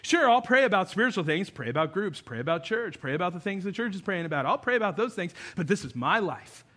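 A man preaching a sermon to his congregation as pastor, animated, moving between loud emphasis and low, quiet tones. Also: fast talker. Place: church sanctuary.

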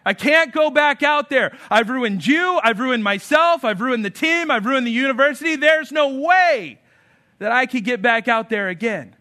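A preacher putting on a distraught young football player, his voice jumping high and loud as he pleads in despair. The tone is bright and forceful, a young man sure he has ruined everything. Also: lively intonation, normal speed, full character voice.

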